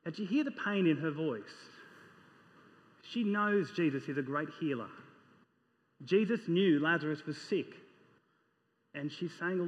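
A man preaches with an earnest, questioning manner. His voice sits fairly high. The sound is dull, and a long reverb trails off each phrase as in a large hall. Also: normal speed, pauses often, a bit bright. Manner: earnest, reads scripture aloud and asks the listeners questions. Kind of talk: sermon.

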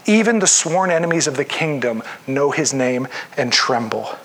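A man preaching a sermon in a relaxed, conversational way, often acting out the voices of the people he quotes. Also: medium pitch, normal speed. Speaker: pastor.

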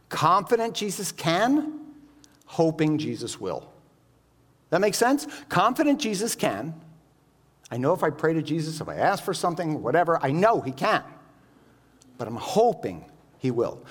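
A male preacher delivering a sermon in a lively voice that rises and falls a great deal. His pitch sits a little above average, and he checks in with the listeners through rhetorical questions as he explains. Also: breathy edge.

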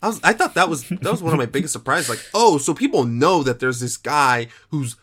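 A man chatting casually about a movie, animated, swearing and acting out his reactions. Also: a little high, a little fast, husky. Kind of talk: casual movie review chat.

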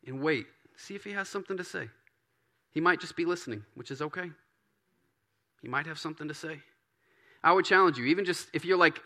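A man preaching a sermon in a relaxed, conversational way, often acting out prayers in a softer voice. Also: on the high side. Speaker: pastor.

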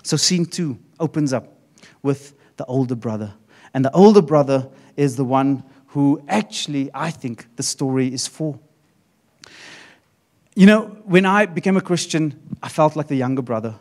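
A middle-aged man preaching a sermon as pastor, animated, often repeating and restarting his phrases. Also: medium pitch, moderate pace.

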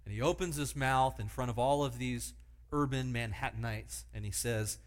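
Man, preacher, sermon storytelling, vivid illustrations, rhetorical questions, mid-pitched voice. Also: moderate pace.

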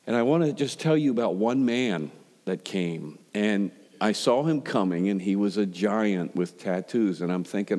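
Low-voiced preacher telling a story. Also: male voice, expressive, moderate pace, darkish tone, big-room sound. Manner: conversational storytelling, rhetorical questions. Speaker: pastor. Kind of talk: sermon.

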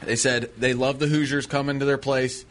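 A man co-hosting a radio show, talking in loose, rambling banter. He is playful and keeps drifting into silly put-on voices mid-story. His pitch sits in the middle range for a man. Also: level tone, normal speed, fairly bright tone. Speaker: radio co-host. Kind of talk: casual banter.

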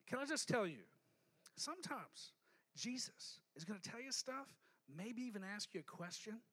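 A male pastor preaching a lively sermon, joking and calling on the congregation to respond. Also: sits high, moderate pace, breathy edge.

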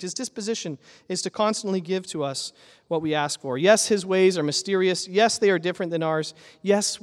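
A pastor preaching a sermon in an earnest, emphatic way, building with repeated phrases. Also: male voice, fairly high pitch, long reverb tail.

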